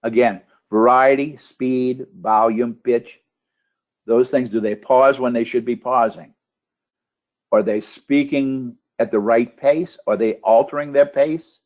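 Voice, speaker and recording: A man's voice: mid-range voice, fairly even intonation, slow, muffled recording. A man leading an instructional webinar, asking one checklist question after another, with a few restarts. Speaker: webinar trainer for contest judges. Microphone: computer microphone on a webinar call.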